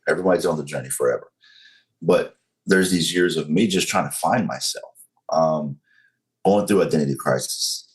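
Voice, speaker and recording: A man in his forties from North Carolina with a Southern accent, telling his story as a podcast guest in a slow, controlled way. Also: low-pitched. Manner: slow, controlled, deliberate delivery.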